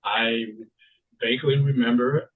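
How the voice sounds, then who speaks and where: A man co-hosting a casual film podcast, reminiscing haltingly with restarts. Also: mid-range voice, steady tone, slightly rough. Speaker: podcast co-host. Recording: tinny phone-like line.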